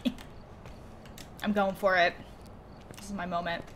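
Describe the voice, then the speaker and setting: A woman's voice: fairly low pitch, level tone, unhurried, fairly bright tone, slight background noise. A woman streamer chatting playfully with friends while gaming, laughing often. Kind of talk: casual chat while gaming.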